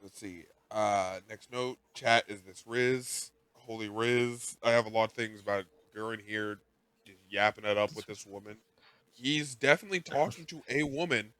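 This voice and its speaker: A man co-hosting a casual podcast, recapping an anime episode with rambling, animated asides and quoted lines. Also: lowish voice, normal speed, dry recording. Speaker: podcast co-host.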